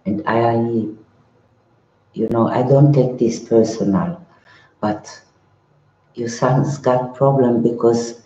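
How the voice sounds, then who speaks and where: An older man, a monk, answering viewers in a live-stream chat in broken English, halting and repeating his words. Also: mid-range voice, warm tone. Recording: roomy, slightly dull sound.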